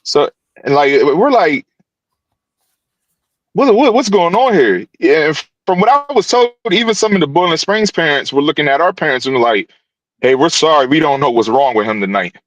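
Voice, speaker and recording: A man with a slightly high voice tells a long story about a game, restarting his sentences and acting out what each person said. The sound is dry and close, as on a video call. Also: fairly quick, no echo, highs cut off. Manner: animated storytelling with many restarts. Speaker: youth football coach. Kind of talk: casual podcast guest recounting events.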